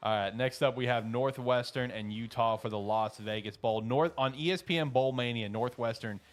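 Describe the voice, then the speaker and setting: A man co-hosting a casual sports show, animated and joking, laughing often. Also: medium pitch, moderate pace, soft background music. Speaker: podcast co-host.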